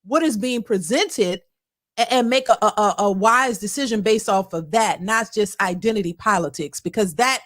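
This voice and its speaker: A woman's voice: mid-range voice, normal speed, fairly bright tone. A woman hosting a reaction channel, giving earnest casual commentary with many restarts and fillers.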